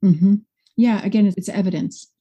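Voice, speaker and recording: A woman's voice: medium pitch, moderate pace, breathy edge. A woman school director as a podcast guest, talking expressively and acting out quotes in a conversational interview. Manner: expressive, animated, acts out quotes.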